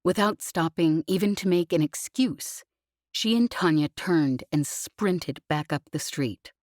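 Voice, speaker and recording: A woman narrating an audiobook in a measured, even reading. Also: on the low side, no room sound, studio quality. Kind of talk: scripted narration.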